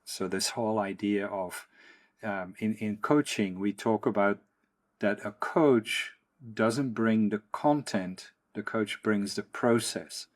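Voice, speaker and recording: A man from the Netherlands hosting an interview as a coach, speaking in a measured, reflective way. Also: on the low side, steady tone. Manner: measured, reflective, frequent hums of agreement. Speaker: podcast host, coach. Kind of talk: conversational interview.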